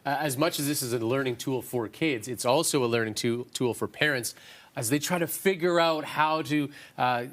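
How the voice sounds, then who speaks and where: A man's voice: medium pitch, normal speed, fairly bright tone. A man hosting a morning news interview in an upbeat, encouraging manner.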